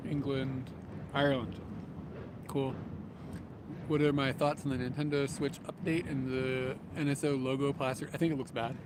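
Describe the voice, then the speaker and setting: He speaks in a mid-range voice at a moderate pace, pausing often, as he livestreams on foot through a city by the train tracks. The talk is casual and rambling, with regular chuckles and comments read aloud from viewers, while a small camera mic records passing cars and trains.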